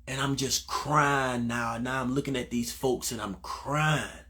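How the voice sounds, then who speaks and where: A man's voice: mid-range voice, fairly even intonation, unhurried, hardly any pauses, sharp tone. A man preaching in a casual, conversational way, telling a personal testimony, repeating phrases for emphasis and calling listeners bro and man.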